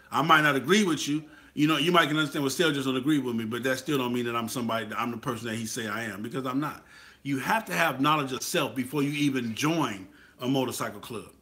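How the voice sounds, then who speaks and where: Fast and pushed, with a bright medium-pitched voice, this man from Atlanta, US, delivers casual motivation about motorcycle clubs. He's preachy and repetitive, regularly asking listeners "you feel what I'm saying?"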